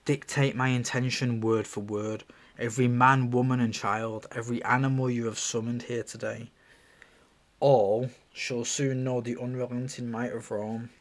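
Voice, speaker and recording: A man reading the part of a stern Roman governor aloud from a screenplay, in a quiet, measured and threatening way. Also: mid-range voice, level tone, natural voice. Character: stern male Roman governor, menacing and cold.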